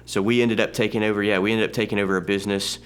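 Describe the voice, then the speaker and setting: A man in his thirties sharing a personal testimony in a halting, conversational way, often restarting his sentences. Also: on the low side, flat delivery, clear, resonant tone. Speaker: church testimony speaker.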